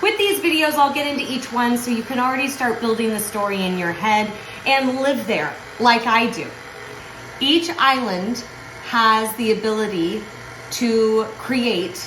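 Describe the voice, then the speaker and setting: A woman's voice: on the high side, lively intonation, a little slow, fairly bright tone, reverberant, a little hiss or hum. A middle-aged woman, a home cook and author, chatting casually and self-deprecatingly to the camera as she cooks in her home kitchen. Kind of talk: casual cooking vlog.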